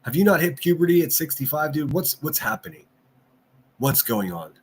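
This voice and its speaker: A man's voice: a little high, sing-song, moderate pace, husky. A man hosting a livestream, ranting and mocking in casual commentary and answering his chat. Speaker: livestream host.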